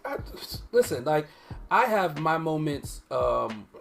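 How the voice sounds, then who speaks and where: A podcast co-host speaking bluntly and emphatically in casual chat, swearing freely. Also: male voice, on the high side, big pitch swings, a little slow, gravelly, soft background music.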